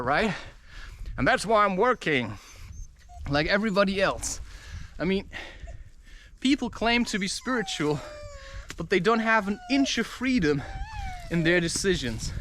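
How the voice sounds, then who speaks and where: Guy with a high voice ranting hard to his camera outside, faint background noise. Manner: intense, energetic ranting. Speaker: vlogger. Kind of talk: walking vlog talk to camera. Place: outdoors in a park. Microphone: camera mic.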